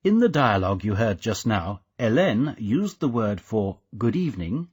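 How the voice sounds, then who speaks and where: A man narrating a language course, guiding the listener with steady, scripted explanations. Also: lowish voice, moderate pace, breathy edge.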